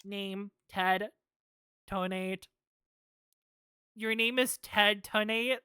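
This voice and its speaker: A woman streamer giving animated, sarcastic commentary on a game and laughing often. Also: medium pitch, drawn-out words, pauses often, smooth, dry recording, studio quality.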